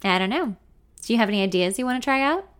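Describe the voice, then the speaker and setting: A woman's voice: fairly high pitch, expressive, fast talker, clear, resonant tone, natural voice. A woman voicing an easygoing, confident young man who speaks in a Southern drawl and teases playfully. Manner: chipper, teasing.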